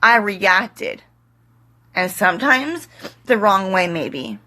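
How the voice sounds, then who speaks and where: Slow, bright-voiced emotional woman vlogger. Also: medium pitch, big pitch swings. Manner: tearful, pleading and defiant; slow, halting delivery with short fragments. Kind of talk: emotional direct-to-camera monologue.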